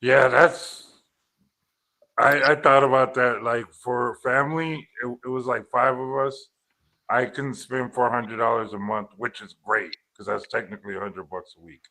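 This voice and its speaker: A man talking in a casual livestream chat, animated and acting out little quotes, often murmuring agreement. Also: medium pitch, moderate pace.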